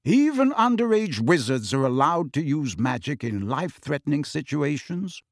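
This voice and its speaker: A man reading an audiobook voices a quiet, calm man speaking slowly and reassuringly. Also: on the high side, no room sound, studio quality. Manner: quiet and measured.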